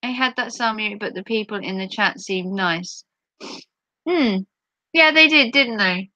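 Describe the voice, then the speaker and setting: A woman's voice: medium pitch, unhurried, bright, forceful tone, no room sound, lo-fi sound. A woman from England with a Norfolk accent, chatting casually on a livestream and answering her chat aloud. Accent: Norfolk English.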